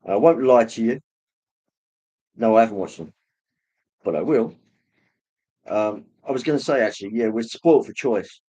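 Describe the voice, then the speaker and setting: A man hosting a livestream, casually rambling as he reads viewer comments, with many pauses and fillers. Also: fairly low pitch, expressive, warm tone. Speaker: livestream host reading chat. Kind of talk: casual chat.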